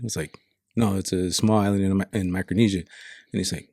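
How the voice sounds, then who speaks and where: A man's voice: low voice, steady tone, fast talker, no room sound, studio quality. A man from Saipan telling stories in a casual chat, frank and reflective, swearing often. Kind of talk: casual storytelling.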